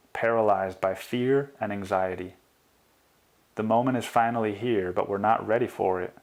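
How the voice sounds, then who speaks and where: A man reading his own memoir as an audiobook, in a quiet, confessional tone. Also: lowish voice. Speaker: memoir author and narrator.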